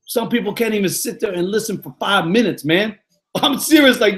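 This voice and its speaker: High-voiced, exuberant male motivational coach. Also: animated, moderate pace, a bit bright. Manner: exuberant, repetitive, peppered with "yo" and "man". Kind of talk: live motivational talk, greeting viewers.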